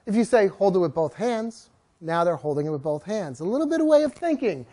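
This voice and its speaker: A dog trainer giving an informal training talk, lively and often acting out what the dogs seem to be thinking. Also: mid-range voice, a little fast. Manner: animated, acts out what dogs are thinking.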